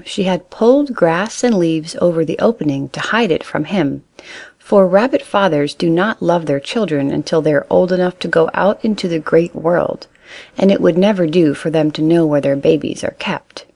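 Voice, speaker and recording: A woman reading a children's animal story aloud in a calm, even way. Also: on the low side, normal speed, gravelly.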